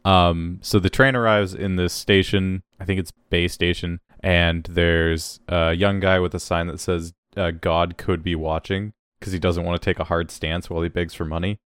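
A man's voice: sits low, little pitch movement, moderate pace, few pauses, fairly bright tone, smooth, dry recording. A man co-hosting a podcast, casually recapping an episode with rambling jokes and laughter. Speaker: podcast co-host.

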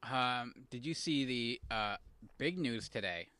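Teasing, bright-voiced podcast co-host. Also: male voice, mid-range voice, animated, a little slow, clear, resonant tone, no room sound. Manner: teasing, laid-back banter. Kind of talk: casual podcast chat.

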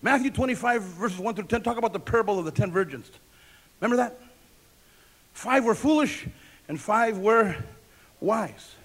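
A man's voice: high voice, animated, normal speed, long pauses, fairly bright tone, husky. A male pastor preaching a sermon, emphatic and repetitive, asking the congregation questions and answering them himself.

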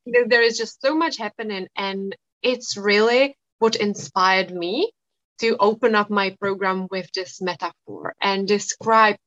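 Calm, reflective woman coach. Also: mid-range voice, a little slow, dry recording, dull audio. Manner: calm and reflective, lots of "you know". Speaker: guest, hypnotherapist and coach. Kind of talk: casual conversation.

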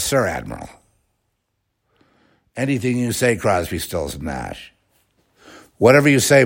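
A man hosting a rambling, sarcastic religious commentary talk. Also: lowish voice.

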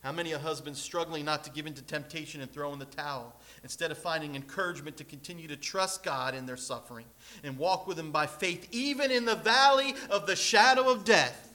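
A man preaching a sermon as pastor, animated, with sudden loud and soft passages and joking asides. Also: brisk. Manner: animated preaching with big swings in loudness and pitch, joking asides.

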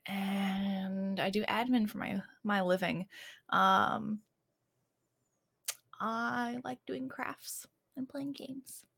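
A woman's voice: on the high side, creaky, dry recording. A woman streamer and player chatting casually, flustered and hesitant. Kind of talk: casual chat.

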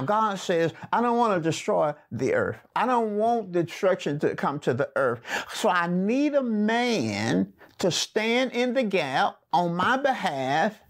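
A man teaching a sermon-style Bible lesson. He reads scripture aloud, explains it in plain words, and repeats key phrases for emphasis. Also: high-pitched.

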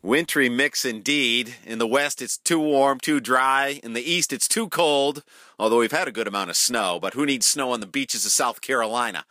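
Folksy bright-voiced weather man. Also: mid-range voice, normal speed, hardly any pauses, no room sound, clean studio sound. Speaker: weather forecaster. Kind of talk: casual weather report.

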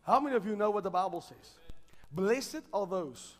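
High-voiced fervent male preacher. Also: animated, moderate pace, long reverb tail. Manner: fervent, calls congregation to repeat after him. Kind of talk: sermon.

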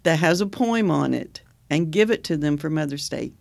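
A woman co-hosting a casual talk show, playful and animated. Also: low voice, vocal fry, no room sound. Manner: playful, animated, quick to laugh. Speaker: co-host. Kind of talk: casual radio show banter.

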